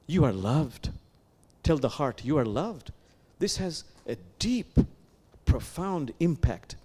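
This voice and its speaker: Animated male imam preaching. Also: mid-range voice. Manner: animated, with repeated phrases and questions to the listeners. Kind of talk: sermon. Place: sanctuary.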